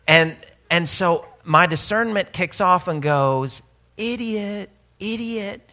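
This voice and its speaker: A man's voice: a little high, sharp tone. A man from Arkansas, telling a humorous, self-mocking story in a sermon, with many restarts.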